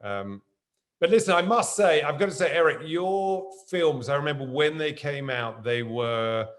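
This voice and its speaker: A middle-aged man, a guest in a casual conversation, telling lively anecdotes. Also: on the high side, moderate pace.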